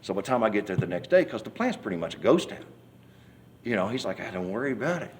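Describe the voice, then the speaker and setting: A church member with a voice on the low side speaks fast while giving his testimony in an interview. He tells it in a folksy, rambling manner with many restarts, acting out scenes and hollering quoted cries.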